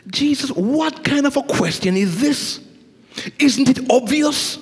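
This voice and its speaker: A middle-aged man preaching a sermon as a guest preacher, swinging from animated storytelling to hushed intensity. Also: high-pitched, slightly rough. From Jamaica. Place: church sanctuary. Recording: echoey church hall.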